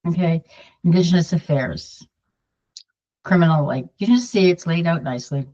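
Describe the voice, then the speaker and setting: A woman's voice: on the low side, moderate pace, mellow. An older woman from Canada chatting casually to her viewers, wandering off on side points and repeating herself. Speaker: political vlogger. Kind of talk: casual talk to camera. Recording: dull lo-fi sound.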